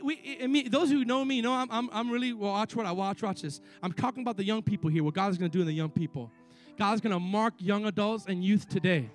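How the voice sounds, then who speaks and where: High-voiced man preaching a sermon. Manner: preaching with rising fervor and repeated pleas. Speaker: pastor.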